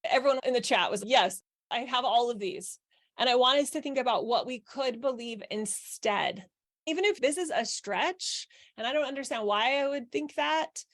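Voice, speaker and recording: A woman with a fairly high voice leads a live parenting workshop. She is middle-aged and coaches her listeners by asking questions and answering them herself.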